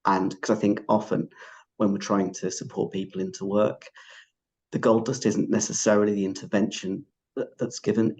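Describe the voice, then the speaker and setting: Male panelist, husky and deep, earnest and discursive. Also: a little mellow.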